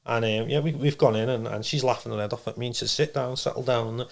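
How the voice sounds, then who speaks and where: A man's voice: mid-range voice, fast, creaky. A man, a trance medium guest, telling a rambling personal story in a casual interview. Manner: rambling, animated storytelling with acted-out quotes.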